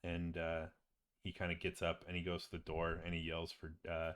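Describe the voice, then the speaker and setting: A man's voice: low voice, completely flat delivery, normal speed, a bit bright, clean tone. A man narrating a tabletop game as game master, in a casual, rambling way with many fillers.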